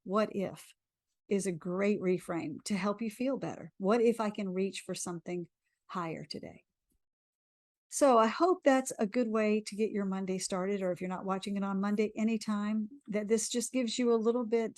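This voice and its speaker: Middle-aged woman as a tapping coach, soft-spoken and unhurried, chatty sign-off, dry close sound. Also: medium pitch, no room sound. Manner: slow soothing affirmations, then chatty. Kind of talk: guided affirmations then casual sign-off. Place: live video stream at home.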